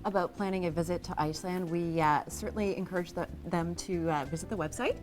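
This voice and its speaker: A woman's voice: lowish voice, fast, darkish tone, faint music behind, poor audio. A Canadian woman hosting a daytime TV segment in a studio kitchen, bubbly and full of enthusiastic exclamations. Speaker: TV host. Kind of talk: daytime TV host chat.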